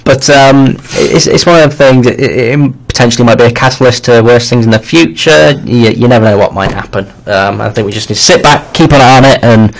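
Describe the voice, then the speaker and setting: A man's voice: medium pitch, vocal fry, low-quality recording. Rambling young man co-hosting. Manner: rambling, many ums and restarts, quick to laugh. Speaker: radio show co-host. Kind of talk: casual banter.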